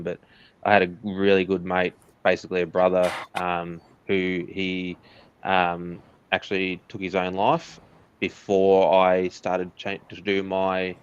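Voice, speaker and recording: Australian man, interview guest, candid and earnest, lowish voice, muffled lo-fi sound. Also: clear, resonant tone. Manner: candid, earnest storytelling with laughs. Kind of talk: casual interview chat.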